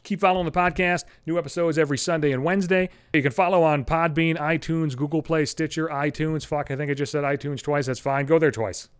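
A man's voice: fairly high pitch, fairly even intonation, fast talker, few pauses, smooth, dry recording. A young man hosting a podcast, delivering a profane, sarcastic comedic rant. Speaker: podcast host.

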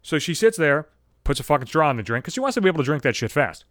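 Speaking very fast and very animatedly, this thirties-aged man delivers a comic story as a foul-mouthed monologue, cursing nonstop and getting worked up into rants. His voice sits on the high side and sounds a bit bright, captured in clean, echo-free studio audio.

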